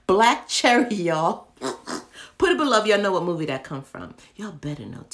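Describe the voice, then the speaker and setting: A woman's voice: low-pitched, very animated, unhurried. A young woman, chatting casually through a candle haul, playful and often dropping into whispers as she talks to herself. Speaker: vlogger reviewing candles. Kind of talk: casual haul video chat.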